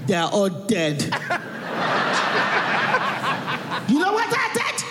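A woman's voice: mid-range voice, huge pitch swings, takes it slowly. A man voicing an overprotective mother who warns grimly and repeats herself. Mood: ominous warning. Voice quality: theatrical, repetitive, grim. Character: overprotective Nigerian mother, dramatic, doom-warning. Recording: live stand-up in a reverberant hall with room noise.

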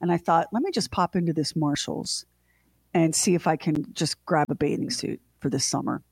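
A middle-aged woman co-hosting a radio show, telling a funny story in a casual, animated way with laughing asides. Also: sits low, normal speed, vocal fry, slightly rough, dry recording.

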